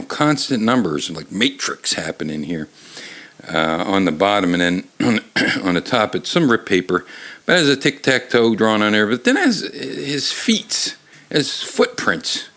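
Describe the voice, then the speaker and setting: A man's voice: on the low side, fairly bright tone. An older man hosting a casual book podcast from a bar, rambling and swearing wryly as he talks. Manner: rambling, profane, wry. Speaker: podcast host. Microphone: tabletop mic, moved off-axis.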